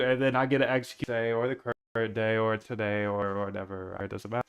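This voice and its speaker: Coding a trading bot live on stream, a young man speaks briskly in a clear, resonant, lowish voice with a level tone. His casual talk is rambling, he mutters to himself, and "dude" comes up often.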